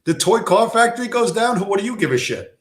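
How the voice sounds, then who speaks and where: A man's voice: high voice, very animated, brisk. Stream host, man, combative and sarcastic, roomy sound. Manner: profane, aggressive, sarcastic. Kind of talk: ranting live-stream commentary.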